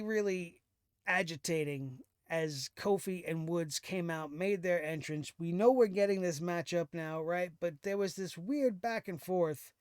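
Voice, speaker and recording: A man's voice: high voice, clear, resonant tone, no echo, studio quality. A man hosting a wrestling recap show, recapping and ranting in a sarcastic, exasperated way with occasional laughs. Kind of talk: casual recap and commentary.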